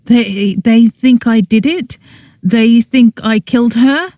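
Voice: mid-range voice, slow pace, darkish tone, no room sound, studio quality, pitched above the performer's own voice, natural voice. An audiobook narrator voicing a grieving young man who talks bitterly and in shock about a lost girlfriend. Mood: stunned. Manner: upset, bitter. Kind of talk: audiobook character voice.

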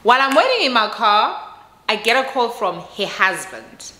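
A young woman with a South African Xhosa-inflected accent telling a storytime vlog, animated and switching languages. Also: a little high, moderate pace. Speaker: vlogger. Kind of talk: casual storytime. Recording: echoey room.

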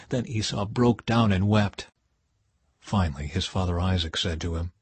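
A man reading scripture aloud in a measured way, his voice falling low at the ends of phrases. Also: husky, dry recording. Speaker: Bible reader.

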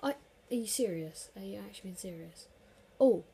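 Excitable woman commentating her game. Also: medium pitch, fairly quick, vocal fry, slightly rough. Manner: excitable, swearing, erupts into shouts at big plays. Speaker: gaming commentator. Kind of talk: casual live game commentary.

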